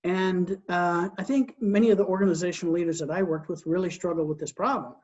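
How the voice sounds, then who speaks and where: A man's voice: high-pitched, steady tone, fast talker. Earnest middle-aged man teaching, dull lo-fi sound. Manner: earnest, repeats words when starting sentences, asks rhetorical questions. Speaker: Christian leadership coach. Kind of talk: conversational teaching talk. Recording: dull lo-fi recording.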